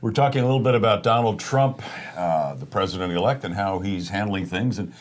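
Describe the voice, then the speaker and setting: Co-hosting a casual political talk show, a man steadily introduces topics and replies to his partner with brief agreements, keeping things conversational. His voice is lowish and he talks fairly quickly.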